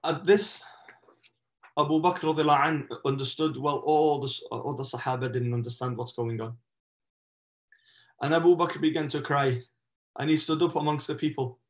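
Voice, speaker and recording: A man's voice: a little high, steady tone, normal speed, long pauses. A man, a shaykh, giving a religious lesson as an impassioned story, with Arabic religious phrases mixed in and a rising, emphatic delivery. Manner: impassioned, swells in emphasis with oaths. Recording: echoey roomy sound.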